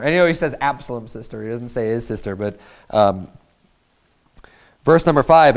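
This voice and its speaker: A man's voice: medium pitch, animated, moderate pace, pauses often. A male pastor preaching a sermon in a conversational way, often repeating words as he paraphrases scripture.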